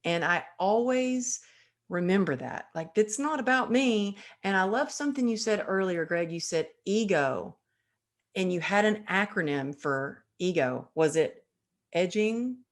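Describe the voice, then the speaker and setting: A woman hosting an interview show, telling her own stories in casual, animated chat. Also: mid-range voice, a little slow. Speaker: podcast host.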